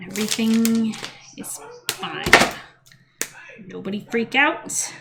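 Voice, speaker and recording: A woman's voice: fairly high pitch, lively intonation, slow pace, vocal fry, very noisy. A woman baking in her home kitchen, chatting casually and mocking herself, sometimes muttering to herself as she works. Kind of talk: casual cooking vlog.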